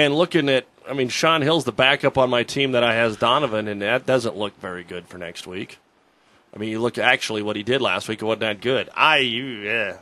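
A man hosting sports radio, chatting casually with halting restarts. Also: mid-range voice, bright, forceful tone.

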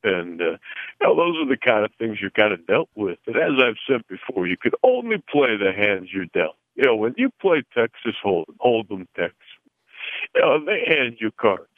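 A man's voice: lowish voice, very animated, normal speed, no echo. A man playing a rambling, self-praising middle-aged male football coach who talks in folksy card-game analogies, heard over a phone line. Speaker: caller doing a comedy impression. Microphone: telephone.

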